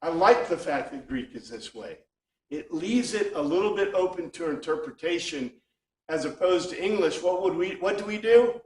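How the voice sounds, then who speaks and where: Male Bible class teacher, slightly high voice, thinks aloud with restarts, recorded far off in a room with faint background noise. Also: animated, normal speed, a little mellow. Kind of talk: informal Bible class lecture. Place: classroom with a small group. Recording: echoey room, speaker far from mic.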